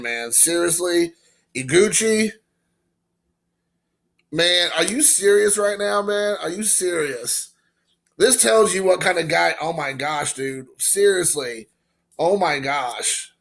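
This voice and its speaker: Casual card vlogger, man in his forties from Indiana; gravelly, bright, gushing and rambling. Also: on the high side. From Indiana, USA. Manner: excited, emotional, rambling with fillers. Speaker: baseball card collector vlogger. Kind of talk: casual card-opening vlog.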